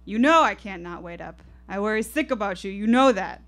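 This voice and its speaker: Woman putting on a shrill giggly old Boston grandma. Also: expressive, fairly quick, a bit bright, natural voice. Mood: tender. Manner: shrill, panicky, childlike giggling. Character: excitable 86-year-old grandmother, giggly and fretful.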